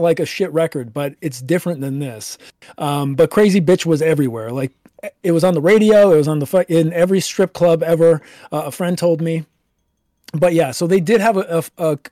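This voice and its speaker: A man's voice: fairly high pitch, warm tone, dry recording, clean studio sound. A man hosting a casual podcast, reading band history and then raving about an album, swearing casually. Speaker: podcast host. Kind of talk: casual album review chat.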